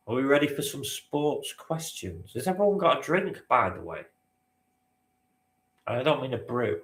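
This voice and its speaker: A man's voice: medium pitch, sing-song, measured pace, fairly bright tone, reverberant. A man hosting a live-stream quiz, bantering with the chat and swearing now and then. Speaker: quizmaster.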